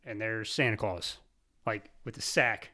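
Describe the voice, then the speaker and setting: A man's voice: fairly low pitch, measured pace, sharp tone. A young man in casual chat, an easygoing storyteller who laughs often.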